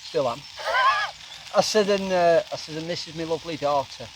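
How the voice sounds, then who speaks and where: A middle-aged man, telling a funny story in an animated way. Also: on the high side, normal speed. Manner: animated, breaks into quoted voices and laughs. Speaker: guest camper. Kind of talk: casual storytelling by a campfire. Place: outdoors at a lakeside camp. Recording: noisy outdoor recording, sizzling campfire.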